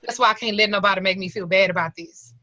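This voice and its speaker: A woman's voice: mid-range voice, fast talker, pushed and bright. A middle-aged woman, close to tears, teaching an occult class over a video call and giving a candid, colloquial personal testimony. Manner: candid, colloquial, earnest storytelling. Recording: slightly lo-fi video call audio.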